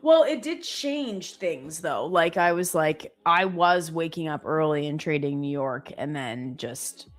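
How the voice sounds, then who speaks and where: A young woman chatting casually on a trading stream, her voice sitting a little low. She rambles in a jokey way and peppers her sentences with "like". Faint music plays in the background. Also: lively intonation, a little slow, few pauses. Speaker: trader co-host on a live stream. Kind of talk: casual chat.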